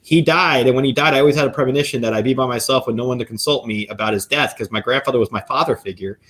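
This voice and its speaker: A man, guest on a podcast, talking as a psychic medium and lawyer, telling stories in an animated, lively way. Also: mid-range voice. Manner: animated, quick storyteller. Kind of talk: storytelling in a podcast interview.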